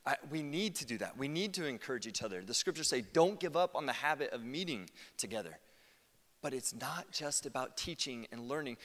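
An American man in his thirties, a pastor giving a conversational sermon with lively asides. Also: on the high side. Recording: long hall reverb.

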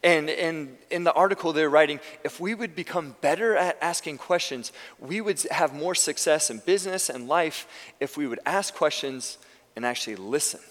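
Male pastor, conversational sermon, restarts his sentences, slightly high voice, long church reverb. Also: normal speed, fairly bright tone. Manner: conversational preaching with frequent restarts. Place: church sanctuary.

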